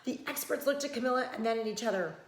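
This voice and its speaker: A woman's voice: a little high, quick pace, reverberant. A woman who teaches first grade, reading a picture book aloud expressively and stopping to explain words to children.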